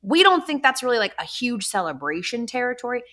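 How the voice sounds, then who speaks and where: A woman's voice: on the high side, fairly quick. A woman in her thirties hosting a podcast, telling stories in a chatty, sarcastic way. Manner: animated, chatty storytelling with sarcastic asides. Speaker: podcast host. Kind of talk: casual chat.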